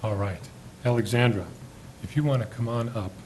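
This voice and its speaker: A man of middle pitch chairs a public school board meeting. His delivery is friendly and a bit halting, and he checks how to say names. A faint rumble sits under the recording. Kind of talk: meeting proceedings.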